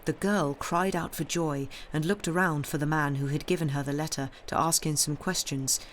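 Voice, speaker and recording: A woman reading a classic novel aloud on a live stream, in a steady, measured storytelling voice with the odd small restart. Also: sits low, slight background noise. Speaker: reader. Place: home streaming setup.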